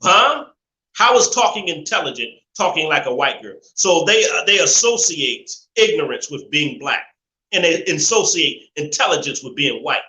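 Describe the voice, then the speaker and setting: A man's voice: on the high side, big pitch swings, normal speed, bright, forceful tone. A man hosting a live show, giving a preachy, repetitive rant and swearing freely. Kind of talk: ranting live-stream monologue. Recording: roomy echo.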